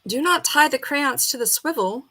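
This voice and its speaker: A woman on a casual live stream, reading quiz questions aloud and arguing with the answers, and now and then talking softly to her bird. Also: high-pitched, animated, moderate pace. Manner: chatty, reads questions then argues with the answers. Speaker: falconer streamer.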